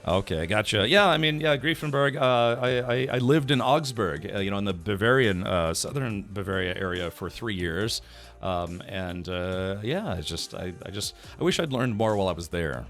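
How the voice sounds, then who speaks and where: Brief: male streamer, animated pitch, stop-start chatty delivery, faint music underneath. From United States. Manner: halting, restarts often, chats with viewers between readings. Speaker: game streamer. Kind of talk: casual live-stream chat, reading update notes aloud.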